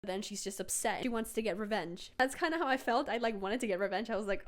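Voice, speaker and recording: This young woman's expressive, rapid-fire delivery hardly stops for breath as she tells a personal story in a laid-back vlog. Chatty and heavy on "like" and "bro," she shifts into high voices when quoting others.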